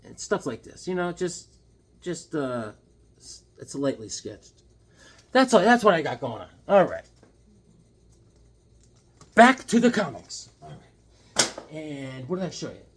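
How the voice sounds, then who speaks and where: A man casually showing off his sketches and comics in an excitable, rambling, jokey way. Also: on the high side, measured pace, long pauses, husky. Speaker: comic book vlogger. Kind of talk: casual show-and-tell vlog.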